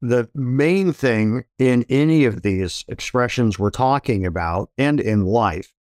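A man's voice: mid-range voice, lively intonation, slow, darkish tone, no room sound, studio quality. A man in a casual conversation, thoughtfully explaining advice about listening to yourself and taking feedback. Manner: reflective, advising.

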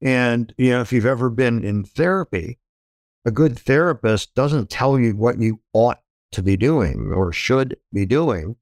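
A man's voice: mid-range voice, animated, a little slow, a little mellow, no echo, clean studio sound. A man in a casual conversation, thoughtfully explaining advice about listening to yourself and taking feedback. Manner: reflective, advising.

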